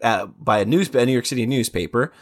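A man in his thirties co-hosting a casual podcast, his voice sitting at an ordinary middle pitch. He rambles through his stories and keeps acting out quotes from other people. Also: fairly quick. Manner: rambling, animated storytelling with quoted asides. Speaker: podcast co-host. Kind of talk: casual chat.

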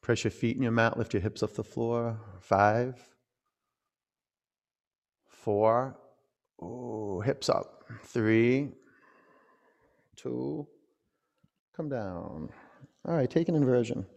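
Gravelly-voiced male yoga teacher. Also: mid-range voice, slow pace, pauses often, in a large hall. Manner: relaxed, rambling storytelling between pose cues. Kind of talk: guiding a yoga class with chatty asides.

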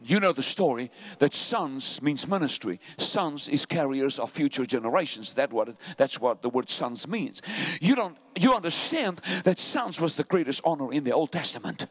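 A man preaching a sermon with passion, often shouting, racing through some phrases and drawing others out slowly. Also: a little high, lively intonation, husky. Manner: impassioned, frequently shouting; swings between rapid bursts and slow drawn-out phrases.

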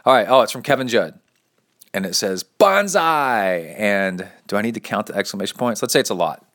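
Low-voiced podcast guy, chatty and goofy, reads fan emails with a bit of drama. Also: fairly bright tone. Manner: chatty and playful, reads emails with dramatic flair and quick asides. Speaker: podcast host and triathlon coach. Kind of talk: casual podcast chat, reading listener mail aloud.

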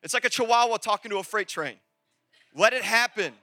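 Male pastor, high and very bright voice, casual sermon delivery with loud bursts, dry close sound. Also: brisk, no room sound. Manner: energetic, conversational preaching with sudden loud peaks.

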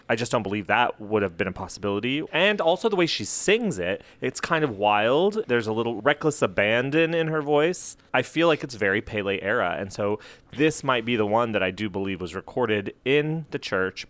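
A man co-hosting a music podcast, chatting in an animated, playful way. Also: on the low side, no echo. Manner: animated, playful, sings bits in a mock diva voice. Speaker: podcast co-host. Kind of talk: casual chat about music.

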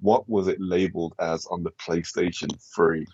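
Deep husky-voiced podcast co-host. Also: male voice, fairly even intonation, moderate pace, a little mellow, no echo, lo-fi sound. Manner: laughs often, reads questions aloud. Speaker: podcast co-host reading listener questions. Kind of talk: casual podcast chat.

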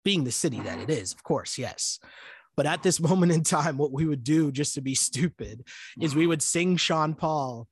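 A man's voice: fairly high pitch, animated, moderate pace, breathy edge, no echo. A man from Canada co-hosting a podcast in casual chat, chatty and self-mocking, laughing often. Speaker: podcast co-host.

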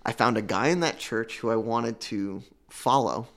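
A man giving an emotional personal testimony about recovery, earnest and halting, with many restarts. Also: mid-range voice, a bit bright. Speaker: guest telling his recovery story.

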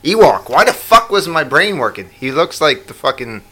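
A man's voice: a little high, big pitch swings, normal speed, bright, forceful tone, breathy edge. A man co-hosting a casual podcast, swearing and trailing off as he hunts for words. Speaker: podcast co-host. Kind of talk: casual profane podcast chat.

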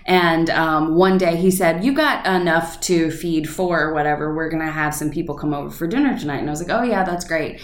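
A woman's voice: sits low, a little fast, hardly any pauses, roomy sound. A woman with a Southern accent, co-hosting a podcast in casual chat, telling stories and laughing often. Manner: laughing often, rambling storyteller. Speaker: podcast co-host.

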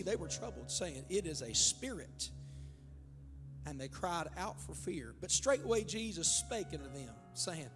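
A male pastor with an Ohio accent preaching a fiery sermon, building to loud shouts and calling on the congregation. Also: sits high, very animated, normal speed. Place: church sanctuary. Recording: live church hall with long reverb and faint music.

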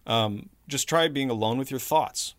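A man's voice: medium pitch, a little slow, fairly bright tone, no echo. A man co-hosting a podcast in casual chat, talking frankly with lots of fillers. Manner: rambling, frank, swears, many fillers. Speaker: podcast co-host.

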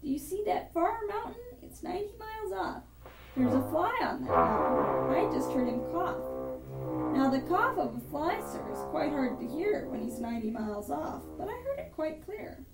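A woman voicing a boastful male rabbit for a storybook, bragging in a lively voice. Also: sits high, moderate pace, over loud music, exaggerated voice. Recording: echoey room, mic far off, with instrument playing.

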